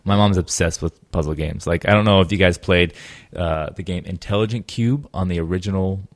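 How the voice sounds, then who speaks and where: A man's voice: low-pitched, brisk, no echo, studio quality. A man hosting a gaming podcast, chatting casually with many fillers and laughs. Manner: rambling, filler-heavy, laughs often. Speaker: podcast host. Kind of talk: casual chat.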